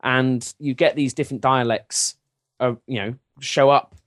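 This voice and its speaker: A man from England with an English accent, co-hosting a casual podcast chat and talking in a lively, chatty way with quick asides. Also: mid-range voice, no room sound, clean studio sound. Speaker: podcast co-host.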